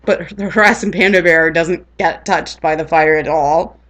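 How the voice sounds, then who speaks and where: A woman's voice: sits low, moderate pace, fairly bright tone. A woman rambling in casual chat on her vlog, laughing often. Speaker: vlogger.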